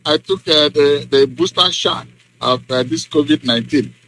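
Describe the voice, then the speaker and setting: A middle-aged man, a professor, answering in a radio interview in an emphatic, deliberate way with many ums. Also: fairly high pitch, a bit bright, rough recording. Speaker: guest professor and activist.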